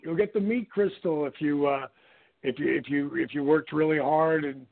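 A middle-aged male host talks in a casual, motivational way, slipping into little acted-out quotes as he tells stories. His voice sits a bit high for a man. It comes through a narrow, tinny phone-line sound. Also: moderate pace, vocal fry. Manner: animated storyteller, acts out quotes, many fillers. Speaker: radio show host.

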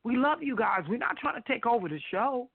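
High-voiced woman preaching over a phone line. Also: fairly quick, vocal fry, slightly rough, dry recording. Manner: emphatic, preachy, animated. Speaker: radio talk show co-host. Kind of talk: casual faith radio chat.

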